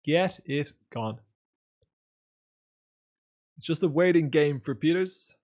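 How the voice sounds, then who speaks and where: A male poker streamer giving casual live commentary on replays. He reads out viewers' comments and swings between low mutters and loud, excited outbursts. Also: slow pace.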